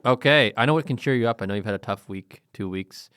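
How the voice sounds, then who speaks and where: A man's voice: mid-range voice, fast, a bit bright, smooth, dry recording, studio quality. A man co-hosting a podcast in a casual, upbeat way, reading online posts aloud. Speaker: podcast co-host. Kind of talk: casual chat.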